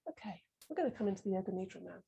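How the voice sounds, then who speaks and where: A middle-aged woman guiding a slow floor-based yoga class, giving gentle, soothing breathing and movement cues with many pauses. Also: medium pitch, animated, creaky, slight background noise, low-quality recording. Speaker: yoga teacher. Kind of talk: guided yoga class instruction.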